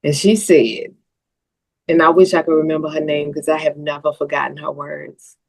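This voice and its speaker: A woman's voice: low voice, flat delivery, moderate pace, vocal fry. A woman guest on a podcast, telling a personal story in an earnest way that turns tearful at times. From Southern US.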